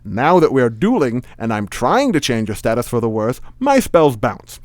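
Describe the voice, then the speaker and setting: Casting: a man putting on a haughty Scottish-accented evil wizard, lecturing, a bit raised and loud, dry room. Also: medium pitch, big pitch swings, normal speed, no room sound, natural voice. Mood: lordly. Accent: Scottish, Sean Connery style. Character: haughty evil male magician, calm and lordly.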